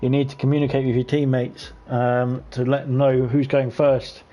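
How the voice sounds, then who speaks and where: A man's voice: mid-range voice, level tone, moderate pace, dark tone, dull audio. A man hosting an online racing league, chatting casually and laughing often as he calls the race. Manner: laughs often while talking, loose and chatty. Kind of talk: casual live race commentary.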